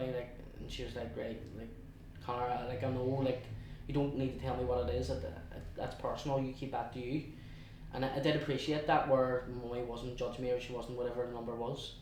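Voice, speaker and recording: A young man with a Belfast accent telling his story as an interview guest, chatty and halting, with many restarts. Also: medium pitch, flat delivery, darkish tone, a little hiss or hum. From West Belfast, Northern Ireland. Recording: echoey room, heard from a distance.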